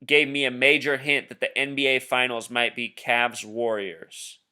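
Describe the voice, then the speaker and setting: A male video blogger with a smooth, pushed and bright voice of medium pitch speaks at normal speed in a level tone. Casually sharing his screen, he insistently explains his theories and conspiratorially addresses the "Truth Seeker."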